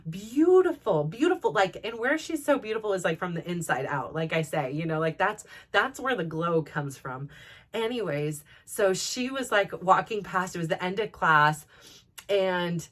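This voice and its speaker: A woman hosting a personal vlog, telling stories in a chatty, animated way with lots of "like" and laughter. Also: fairly low pitch, moderate pace. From Russian heritage. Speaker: vlog host. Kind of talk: casual personal storytelling.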